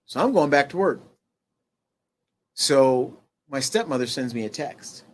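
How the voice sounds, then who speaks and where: A middle-aged man, a guest on an interview show, telling a personal story in a halting way with restarts and fillers, going quieter at the heavy parts. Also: medium pitch, animated.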